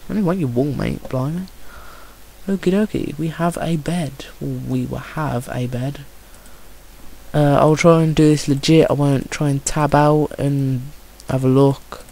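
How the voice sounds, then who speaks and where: Young man from Birmingham with a Brummie accent; a slightly high, gravelly voice for excitable, chatty gameplay commentary with jokey asides. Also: a little slow, slight background noise. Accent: Birmingham English. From Birmingham, England.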